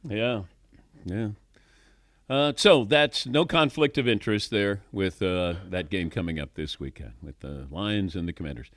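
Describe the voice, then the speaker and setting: A man's voice: on the low side, unhurried, no room sound, clean studio sound. A middle-aged man hosting a sports talk radio show, wry and questioning, chuckling often. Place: radio studio.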